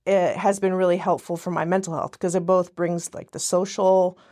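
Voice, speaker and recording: This woman has a fairly low, dark voice with little pitch movement and a moderate pace. As a podcast guest in casual conversation, she rambles, often breaking off mid-sentence and starting again.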